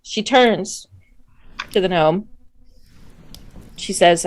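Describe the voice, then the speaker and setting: A woman's voice: mid-range voice, lively intonation, normal speed, dry recording. A woman player in a tabletop game, chatting and describing what her character does. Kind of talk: casual tabletop game chat.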